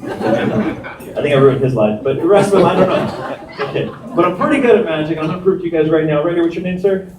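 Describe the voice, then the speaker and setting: A man's voice: a little high, fast. A man performing a stand-up comedy set as a magician, telling self-mocking stories in a chatty way full of "like". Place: live comedy stage in a venue. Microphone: filmed from the audience. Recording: distant roomy audience-camera recording with background noise.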